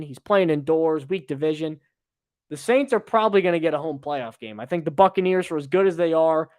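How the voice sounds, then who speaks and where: A man's voice: on the high side, dry recording. A young man hosting a podcast, giving opinionated, emphatic sports analysis with frequent fillers, close to the mic. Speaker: podcast host.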